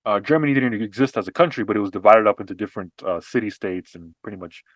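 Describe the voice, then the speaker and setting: A man co-hosting a podcast, explaining history and politics in an animated, casual way with frequent restarts and fillers. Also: on the low side, fast, no echo. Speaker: podcast co-host.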